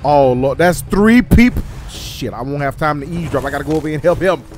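A man, commentating his co-op stealth game casually, excitable and joking, teasing his partner. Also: fairly high pitch, fairly quick, soft background music. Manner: excitable, jokey, trash-talks his partner, bursts into loud laughs. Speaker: gaming channel host.

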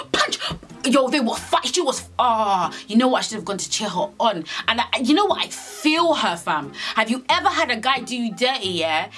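A young British woman in her twenties, casually telling a storytime vlog, animated, slangy and swearing as she acts out scenes. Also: fairly high pitch. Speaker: storyteller vlogger.

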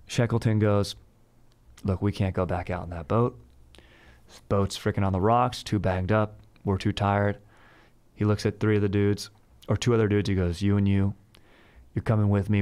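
A man tells a history story like he's chatting with a buddy, full of bro slang and loose fillers. His voice sits low and smooth, with a flat, even melody. It's laid-back, rambling storytelling. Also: moderate pace. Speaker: podcast host.

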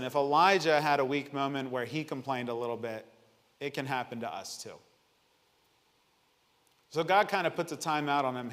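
Man preaching in a reverberant church. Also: medium pitch. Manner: dramatic scripture reading, shifting between loud and hushed. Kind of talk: sermon. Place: church sanctuary.

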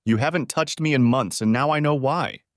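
A man's voice: medium pitch, normal speed, no echo, clean studio sound, voice pushed up, close to an everyday voice. A man reading an audiobook, voicing a brash, betrayed wife who talks bluntly and mockingly. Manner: blunt, foul-mouthed, mocking. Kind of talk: audiobook character voice.

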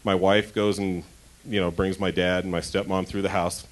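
A man's voice: low-pitched, little pitch movement, normal speed. A man from Denver doing a stand-up comedy set on a club stage, chatty and crude, often interrupting himself.

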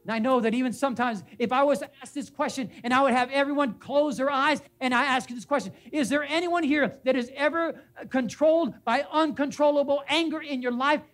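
This time the pastor talks fairly quickly with few pauses, his very high-pitched voice sounding a bit bright over faint background music. In the church sanctuary, he drives home names and phrases through repetition and questions the congregation.

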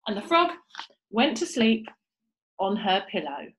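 A woman reading a children's book aloud, with an expressive, lively manner. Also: mid-range voice, a little slow. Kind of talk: storybook read-aloud. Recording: roomy echo.

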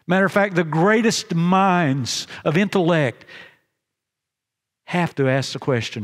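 Earnest man preaching in a reverberant chapel. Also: sits high. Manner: earnest, halting restarts, slows for emphasis. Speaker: pastor. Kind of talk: sermon.

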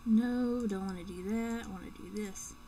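A woman's voice: medium pitch, moderate pace. A young woman playing a video game and commenting casually, joking and swearing as she talks to herself. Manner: joking, profane, talking to herself. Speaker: let's play gamer.

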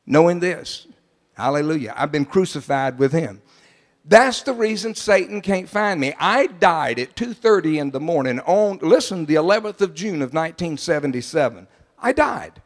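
An older man preaches in a high voice, driving his points home. He drops to quiet asides, then rises to loud declarations. A long reverb trails his words through the sanctuary. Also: lively intonation, moderate pace. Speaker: pastor. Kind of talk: sermon. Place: large church sanctuary. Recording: long church hall reverb.

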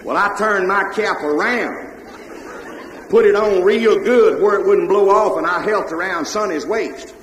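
A man with a Mississippi Southern accent telling comic stories on a live stage, loud and animated, yelling for effect. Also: high voice, measured pace, some chatter behind. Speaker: comedian storyteller. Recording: echoey hall, faint noise.

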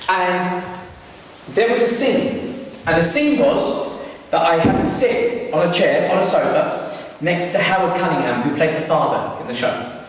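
A chatty British entertainer tells stories to young people at a live event, asking the audience questions. His voice sits high and a little slow. He's recorded from far off in an echoey hall, with slight background noise.

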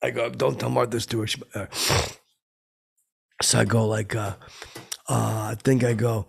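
A man telling a rambling, halting story in a deadpan way, full of fillers and sound effects, as a boastful hanger-on. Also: mid-range voice. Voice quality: gravelly, husky. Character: dim, boastful washed-up male hanger-on telling tall tales. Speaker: comedy podcast host in character.

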